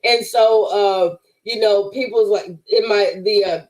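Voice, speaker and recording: An emphatic woman with a preacherly way of talking tells her faith testimony as a podcast guest. Her voice sits at an ordinary middle pitch, and she keeps addressing her listeners directly as she talks. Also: fairly even intonation, measured pace, a little mellow, poor audio.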